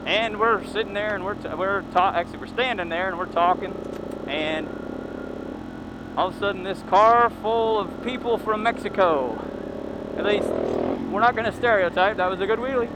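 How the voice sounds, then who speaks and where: A man's voice: high voice, lively intonation, normal speed. A man casually telling a rambling story while riding a motorcycle on a forest trail, correcting himself as he goes, recorded on a helmet camera. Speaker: motovlogger. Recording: engine and wind noise. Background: motorcycle engine noise.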